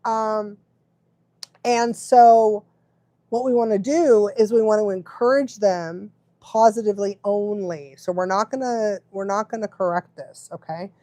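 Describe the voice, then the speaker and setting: A woman's voice: mid-range voice, fairly even intonation, measured pace, mellow, no echo. A woman dog trainer giving casual live advice, chatty, often laughing and checking in with the listener.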